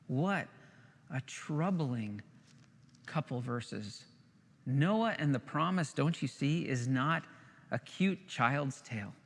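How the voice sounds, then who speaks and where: A man preaching a sermon as a pastor, earnest, with dramatic pauses and hushed key words. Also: sits high. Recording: long hall reverb.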